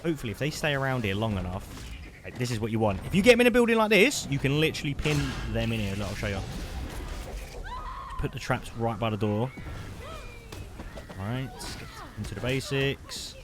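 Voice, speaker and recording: A man giving live commentary over his gameplay, chatty and excitable, calling the listener mate. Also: mid-range voice, a little fast, pauses often. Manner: excitable, bursts into loud shouts at big plays. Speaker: gaming streamer. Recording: noisy background.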